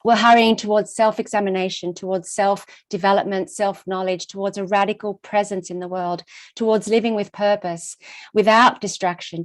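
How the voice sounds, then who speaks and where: A conference talk features a middle-aged woman with a medium-pitched voice. She tells a personal story, repeating words and phrases in an expressive, rhythmic cadence.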